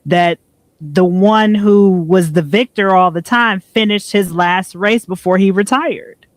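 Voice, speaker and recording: A man with a notably high voice chats playfully and asks questions. The recording is dry and close, with no room sound. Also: measured pace, no echo. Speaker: podcast guest. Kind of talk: casual podcast conversation.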